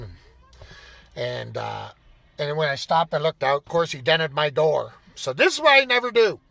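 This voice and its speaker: Bright, lively man in his fifties. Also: fairly high pitch, gravelly. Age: 50s. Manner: profane, rambling anecdote-teller. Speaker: vlogger. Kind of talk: casual storytelling.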